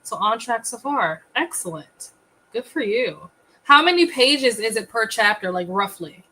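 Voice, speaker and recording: A woman hosting a casual livestream, chatty and quick to laugh as she greets viewers. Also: on the high side, expressive, pushed and bright, low-quality recording. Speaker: livestream host.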